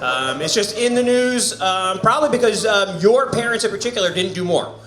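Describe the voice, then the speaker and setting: Open mic host, man, higher voice, teasing and rambling between acts, roomy sound. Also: lively intonation, a little fast, a bit bright. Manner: teasing, rambling crowd work with fillers. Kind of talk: stand-up open mic hosting. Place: small comedy venue indoors. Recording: roomy bar room sound.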